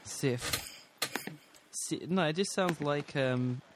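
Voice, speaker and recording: A man's voice: on the high side, slow, background noise. A young man in a casual podcast chat, blunt and teasing, swearing constantly. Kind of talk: casual podcast chat about video games.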